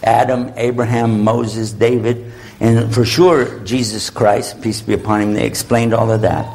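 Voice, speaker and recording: A man giving an Islamic lecture to a live audience in a hall, humorous and animated, leading the crowd in call-and-response. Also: fairly low pitch, a little slow.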